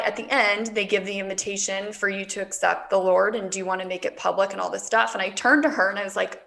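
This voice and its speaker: Woman, 30s, interview guest, heartfelt, near tears, medium pitch. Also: steady tone, fast talker, creaky, few pauses, a bit bright. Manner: emotional, close to tears while telling her story. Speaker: guest, business coach. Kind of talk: casual interview conversation.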